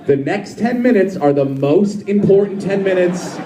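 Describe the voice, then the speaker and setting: A prissy, effeminate inner voice bosses itself into shape, as a male comedian puts it on. Its pitch swoops around. The sound is roomy, with a crowd in the room. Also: animated, moderate pace, dark tone, distant mic, slight background noise. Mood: sassy. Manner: sassy, prissy coaching. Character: effeminate male inner voice, bossy pep talk. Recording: echoey live club with crowd.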